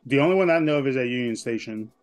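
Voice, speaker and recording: A man in casual podcast chat who speaks haltingly, repeating words as he starts. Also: medium pitch, animated, soft background music.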